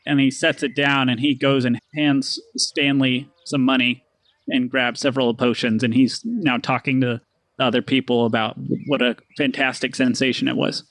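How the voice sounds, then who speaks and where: A man narrating as game master in a tabletop game, fast and casual, with many fillers. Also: mid-range voice, flat delivery, fairly bright tone, dry recording.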